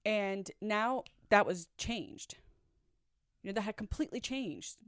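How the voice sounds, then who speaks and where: A young woman speaks earnestly into the camera as she tells a personal story, acting out the dialogue as she goes. Her voice sits at a middle pitch. The sound is dry and close, with no room echo. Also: expressive, measured pace. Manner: earnest, emotional retelling with quoted dialogue.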